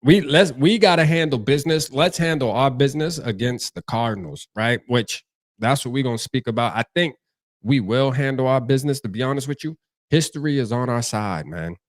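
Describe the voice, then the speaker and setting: A young man with a Charleston, South Carolina accent hosts a casual livestream, talking in a loose, slangy and repetitive way. He reads chat comments aloud as he goes. His voice is close and dry, with a middle pitch for a man. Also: brisk, no room sound. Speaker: livestream host.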